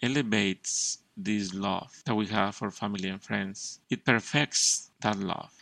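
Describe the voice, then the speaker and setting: A priest preaching a sermon, earnestly reading a devotional text aloud and explaining it in repeated, listing phrases. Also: male voice, on the low side, creaky, fairly bright tone, dry recording.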